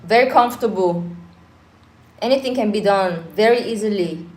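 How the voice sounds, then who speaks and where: With the electricity down at home, a Korean woman co-hosting a casual livestream talks in a mid-range, darkish voice at a moderate pace. Korean is her first language; she comes across as reflective and sincere, sprinkles in pidgin phrases, and her voice carries a roomy echo.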